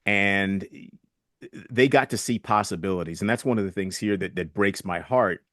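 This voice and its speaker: A man in his sixties speaks as a guest in an interview, earnest and reflective. His voice sits somewhat low. The recording is dry, with little room sound. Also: normal speed, a bit bright, no room sound. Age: 60s. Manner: earnest, reflective, retells conversations. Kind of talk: conversational interview storytelling.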